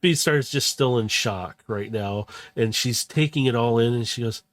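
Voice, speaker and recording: A man's voice: mid-range voice, moderate pace, dry recording. A man narrates a tabletop role-play game as game master in a mid-range voice. His delivery is casual and rambling, and he often stops to correct himself.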